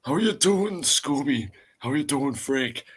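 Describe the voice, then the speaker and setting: A man's voice: medium pitch, expressive, normal speed, fairly bright tone, husky, pitched above the performer's own voice. A man putting on the voice of a cheeky old man who greets the chat and teases his friends. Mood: jovial. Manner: wheedling, teasing, begs for kisses. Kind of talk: casual stream banter.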